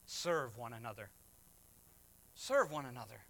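A man's voice: mid-range voice, expressive, unhurried, creaky, pushed and bright. A man preaching a sermon as pastor, emphatic, with acted asides and rising refrains. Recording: reverberant hall.

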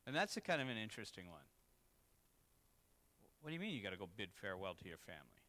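A man's voice: on the low side, big pitch swings, quick pace, sharp tone. A man, a pastor, preaching a candid, confessional sermon that rises to emphatic peaks. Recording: long reverb in a hall.

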